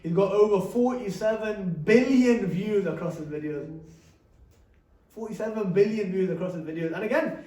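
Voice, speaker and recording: A man's voice: high-pitched, moderate pace, dark tone, distant mic. A young man giving an interactive talk to a youth audience, often asking them questions. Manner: conversational, asks the audience questions. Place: hall or classroom with a live audience. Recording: echoey room, speaker off-mic.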